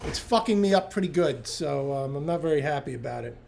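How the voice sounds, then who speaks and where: A man co-hosting a casual podcast, low-key and swearing, with hesitant fillers. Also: expressive, fairly quick, gravelly, darkish tone, slight background noise. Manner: low-key, mumbling, profane. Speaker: podcast co-host.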